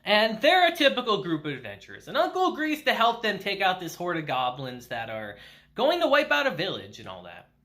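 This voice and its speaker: A man's voice: high voice, huge pitch swings, brisk, sharp tone. A man casually recapping an anime episode as a reviewer, laughing often and acting out the characters' lines.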